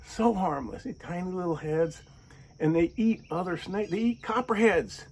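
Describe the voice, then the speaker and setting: A man, the channel's host, telling a casual story, animated and acting out the people he quotes in raised voices. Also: high-pitched, normal speed, husky.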